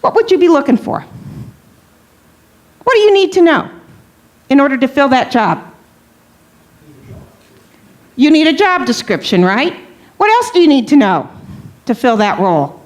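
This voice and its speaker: Workshop presenter, middle-aged woman, fairly high voice, chatty teaching style, keeps asking the room questions. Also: very animated, unhurried, long pauses. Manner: conversational, checks in with "okay?" and questions to the audience. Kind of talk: church leadership workshop talk.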